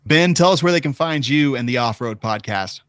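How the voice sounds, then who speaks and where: A man's voice: mid-range voice, animated, moderate pace, dry recording, studio quality. A man hosting a podcast in casual chat, often laughing and reading sponsor ads. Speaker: podcast host.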